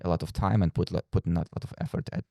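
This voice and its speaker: A man with an extremely deep voice and a gravelly edge hosts a relaxed podcast conversation. He hesitates and restarts his sentences often. The sound is dry and close. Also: racing, dry recording. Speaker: podcast host. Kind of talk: casual chat.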